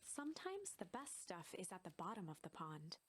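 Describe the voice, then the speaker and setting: A woman giving calm, scripted storybook narration for a game. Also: on the low side, moderate pace, heavy background noise.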